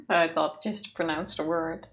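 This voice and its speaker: A woman's voice: on the low side, lively intonation, fairly bright tone. A woman from the Netherlands co-hosting a let's play, chatting casually and laughing often. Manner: giggly, quick to laugh. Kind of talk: casual chat.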